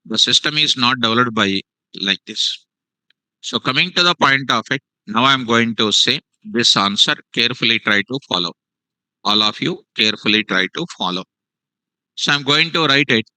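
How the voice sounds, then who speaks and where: A man's voice: medium pitch, normal speed, sharp tone, no echo, poor audio. A man teaching a live programming class, repeating phrases and quizzing his students. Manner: repetitive, questioning students, restates phrases. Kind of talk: live classroom coding lesson.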